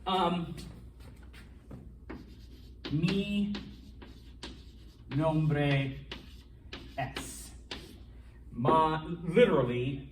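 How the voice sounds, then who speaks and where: Animated male teacher in an echoey classroom. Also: mid-range voice, recorded from a distance, noisy background. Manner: animated, keeps checking in with the class. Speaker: Spanish teacher. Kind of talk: classroom lecture.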